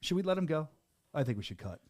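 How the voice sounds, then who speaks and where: A man hosting a podcast interview from a studio booth, rattling along in an excitable, upbeat way. His voice sits a bit high for a man and sounds close and dry, with almost no room around it. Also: dry recording. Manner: fast, excitable and upbeat, with frequent restarts. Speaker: podcast host interviewing a fighter. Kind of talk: casual interview chat.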